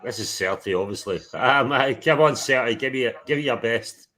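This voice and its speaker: A man's voice: medium pitch, brisk, pushed and bright. A man hosting a live stream, teasing and egging on his guests with jokey banter. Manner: teasing, jokey, eggs people on. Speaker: stream host.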